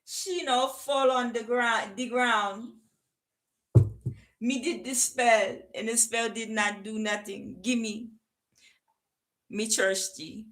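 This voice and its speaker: A woman putting on an overwrought, shouting character with a Jamaican accent, in clipped, exaggerated outbursts. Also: on the high side, slow pace, pauses often, voice pushed up, poor audio. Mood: ranting. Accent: put-on Jamaican.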